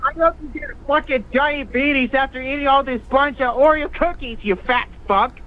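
High-voiced guy calling in over a tinny phone line, just swearing insults nonstop. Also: normal speed. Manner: hurls long strings of profane insults. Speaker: caller. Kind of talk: insult-trading phone call.

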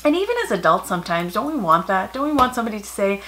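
Bright-voiced mother giving calm parenting advice. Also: medium pitch, fast talker, hardly any pauses, poor audio. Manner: warm, calm and matter-of-fact, softening for quoted lines to children. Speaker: parenting vlogger. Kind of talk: casual advice talk to camera.

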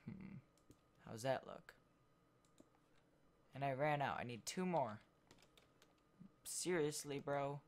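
A gameplay video host giving casual commentary while building, thinking out loud and trailing off mid-sentence. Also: mid-range voice, slow pace, long pauses.

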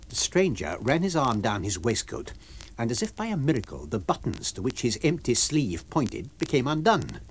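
Expressive male radio book reader. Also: medium pitch, moderate pace, slightly rough. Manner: expressive, varied storytelling delivery.

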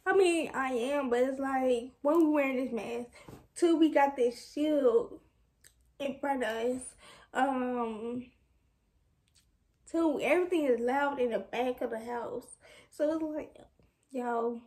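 Young woman, high voice, casual vlog, frustrated, rambling venting. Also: slow, long pauses, a little mellow. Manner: frustrated, candid, rambling with restarts. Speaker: vlogger.

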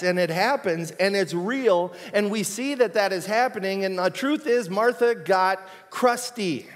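A male pastor preaching a sermon in a casual, joking, conversational way, in a church. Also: high voice. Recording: long reverb in a church hall.

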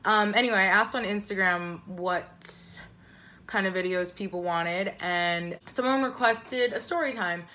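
A young woman in her twenties with a bright, sharp voice tells a casual storytime to her camera. She rambles, keeps restarting, and drops self-deprecating asides. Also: mid-range voice, unhurried. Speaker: vlogger.

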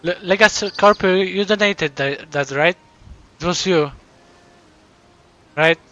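A man's voice: sits high, takes it slowly, sharp tone, highs cut off. A male live streamer thanking donors while overwhelmed and close to tears, stammering and repeating himself.

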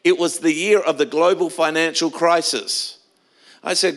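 A man's voice: fairly high pitch, fairly even intonation, moderate pace, fairly bright tone. A middle-aged man preaching a sermon in a church, telling stories in a conversational way with frequent restarts. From Australia. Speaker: pastor.

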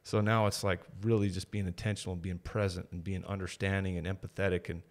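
A man's voice: low-pitched, level tone, fast. A man in his thirties, a podcast guest, talking candidly and reflectively about his family in casual conversation. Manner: candid, reflective storytelling with quoted voices.

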